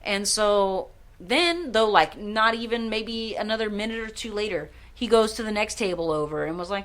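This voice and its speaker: A woman co-hosts a casual podcast, swearing freely as she rambles through a story. Her voice sits at an ordinary middle pitch, and she breaks now and then into excitable bursts of enthusiasm. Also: moderate pace. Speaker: podcast co-host. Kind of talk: casual chat.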